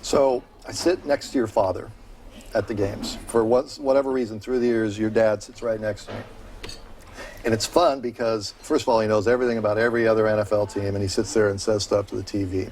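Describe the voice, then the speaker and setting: With a lowish voice and a brisk pace, this man runs a sports show in an energetic, opinionated, chatty style, then turns to interviewing a guest.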